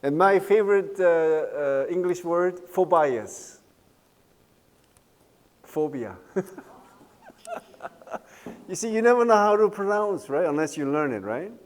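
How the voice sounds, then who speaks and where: A man's voice: sits high, expressive, a little slow, long pauses, in a large hall. A man giving a university lecture in a casual, jokey way, often checking with the class by asking "right?" and "okay?". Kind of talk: recorded online lecture.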